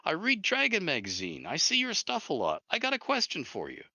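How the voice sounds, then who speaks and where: A man voicing an eager young male game-company staffer on a phone call, brisk and chatty. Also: high voice, huge pitch swings, vocal fry, bright, forceful tone, no room sound, studio quality, pitched above the performer's own voice, full character voice.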